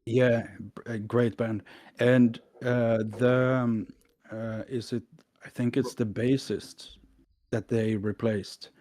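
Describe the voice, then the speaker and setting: Mellow man, hesitant podcast chat. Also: mid-range voice, level tone. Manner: measured, hesitant, many fillers. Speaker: podcast co-host. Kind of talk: casual chat.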